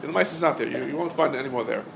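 A man's voice: mid-range voice, rapid-fire, vocal fry, fairly bright tone, slight background noise, poor audio. A man teaching an informal halacha class, posing rhetorical questions and answering them, his talk dense with Hebrew terms. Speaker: Torah teacher.

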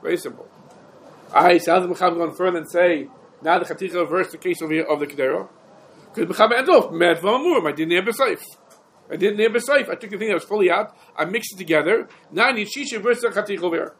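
A man teaches a halachic text in an animated lecture. He asks questions and answers them himself, in a fairly high voice. Faint room hum sits behind him. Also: fast, poor audio. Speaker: Talmud teacher. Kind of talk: yeshiva-style halachic lecture.

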